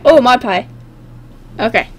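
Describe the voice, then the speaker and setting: A woman's voice: a little high, lively intonation, a little slow, husky. A woman giving casual, playful commentary while playing a game, often giggling and joking. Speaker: gamer.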